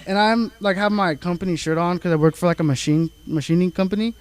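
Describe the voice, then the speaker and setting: Young male comic, nineteen, high voice, casual and profane open-mic delivery. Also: fairly even intonation, quick pace, few pauses, smooth. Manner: casual storytelling, heavy filler and profanity. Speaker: stand-up comedian. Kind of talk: open mic stand-up set. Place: comedy club stage. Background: audience laughter.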